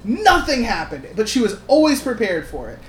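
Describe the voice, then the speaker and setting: A man co-hosting a casual podcast, talking animatedly and swearing, acting out movie scenes in quick quoted voices. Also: high voice, wildly swooping pitch. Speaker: podcast co-host. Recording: roomy with faint noise.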